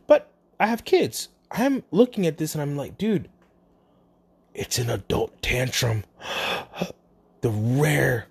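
A vlogger and parent casually retelling a run-in at a store, swinging between low mutters and sudden exclaims. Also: gravelly, slightly rough. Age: adult, parent. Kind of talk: casual storytelling.

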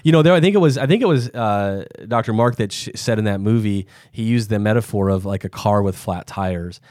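In this studio-quality recording with no room sound, a podcast host from the US Midwest speaks fairly quickly in a lowish, slightly mellow voice. The interview chat is casual, and he thinks aloud through long, meandering sentences, often starting over.

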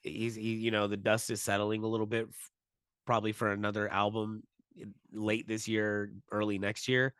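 A man's voice: lowish voice, monotone, moderate pace, fairly bright tone, clear, resonant tone, no room sound. A man co-hosting a podcast, talking candidly and at length, swearing often. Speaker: podcast co-host. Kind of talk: casual chat.

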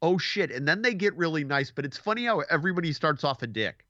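A man's voice: on the high side, fast talker, no echo. A man in casual podcast chat, telling stories with lots of swearing and acting out what other people said. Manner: animated storyteller, acts out quoted people, swears casually. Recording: dull lo-fi dry sound.

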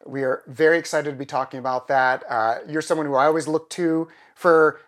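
A man's voice: on the high side, fairly even intonation, fairly quick. Chatty Philadelphia man hosting a podcast. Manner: chatty, self-deprecating, rambling. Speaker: podcast host. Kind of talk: casual chat.

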